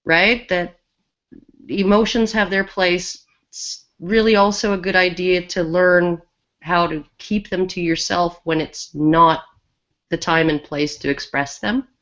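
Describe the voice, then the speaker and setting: A woman's voice: on the low side, fairly even intonation, measured pace, fairly bright tone, highs cut off. A woman co-hosting a casual podcast chat, talking loosely with many restarts and fillers. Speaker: podcast co-host.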